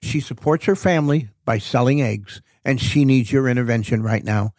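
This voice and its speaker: A man with a mid-range voice tells a story in a relaxed interview. He is an animated storyteller who acts out what people said. The sound is close and dry. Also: medium pitch, moderate pace, no echo. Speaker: preacher and author guest.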